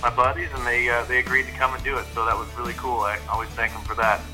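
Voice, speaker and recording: Bright-voiced man telling stories. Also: mid-range voice, monotone, fast, soft background music, low-quality recording. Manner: chatty storytelling. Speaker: country singer guest. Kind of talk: casual interview chat.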